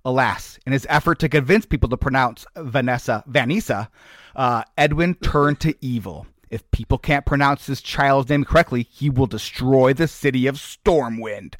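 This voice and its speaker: A podcast co-host spins made-up game lore in a mock-dramatic style, laughing at his own jokes in this comedic storytelling. His mid-range voice moves at normal speed, with clean studio sound and no echo.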